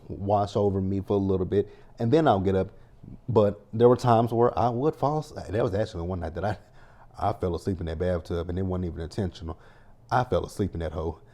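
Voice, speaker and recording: A man talks through a show recap in a casual, rambling vlog style. His voice sits low and mellow, and he keeps turning to the viewers to address them directly. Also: a little fast. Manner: chatty, repeats "you guys" a lot; tells personal stories with many restarts. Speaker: TV recap host.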